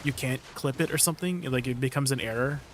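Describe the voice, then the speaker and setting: A man's voice: medium pitch, quick pace, a bit bright, a little hiss or hum. A young man streaming live, chatting casually with his viewers and giggling often. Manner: chatty, giggly, reads and answers chat.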